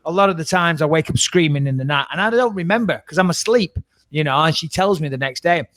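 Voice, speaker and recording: A middle-aged man on a podcast, telling a dramatic story in a lively, swearing, casual way. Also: on the high side, fast, no echo. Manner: animated, swearing, dramatic retelling. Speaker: podcast co-host.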